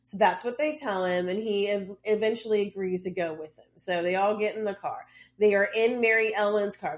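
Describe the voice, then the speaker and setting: A woman co-hosting a podcast, casually retelling a case with loose asides and lots of "like.". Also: mid-range voice. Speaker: podcast co-host. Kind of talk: casual true-crime storytelling.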